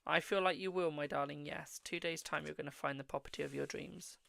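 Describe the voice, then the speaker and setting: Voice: medium pitch, fairly even intonation, brisk, creaky, fairly bright tone, no room sound. A host reading tarot on a live stream, answering viewers' questions, calling them "my darling" and murmuring while drawing cards. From England.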